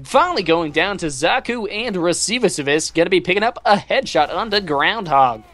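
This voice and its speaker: Give me an esports commentator with a mid-range voice doing rapid play-by-play. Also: medium pitch, lively intonation, fairly bright tone. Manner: rapid play-by-play, says "gonna be" constantly.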